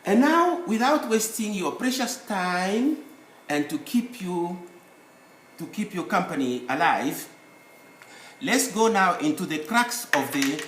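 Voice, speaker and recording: A man teaching a spelling lesson, explaining word by word in a slow, deliberate way with many pauses. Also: high voice, a bit bright, slight background noise. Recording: roomy echo, faint ambience.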